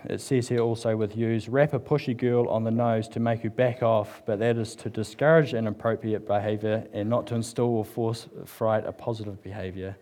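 A man's voice: fairly low pitch, fairly even intonation, normal speed, few pauses, warm tone. Chatty, joking New man preaching. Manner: chatty and joking, with frequent fillers. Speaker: church speaker. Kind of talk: casual humorous sermon. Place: church service with live congregation.

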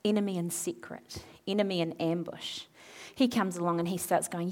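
A woman preaching a sermon, retelling a Bible story in a lively way, acting out the characters' lines and asking her listeners questions. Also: on the low side, normal speed, few pauses. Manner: animated, acts out quoted characters, asks the audience questions.

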